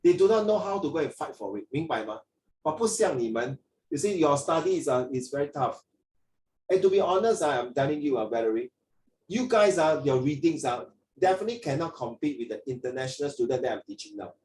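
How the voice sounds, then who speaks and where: A man's voice: on the high side, lively intonation, a little fast, darkish tone, roomy sound, far from the mic, slight background noise, rough recording. A man with a Singaporean English accent tutoring children in an online English lesson, rambling with many fillers and restarts. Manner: rambling, frequent fillers and restarts, mixes in Mandarin.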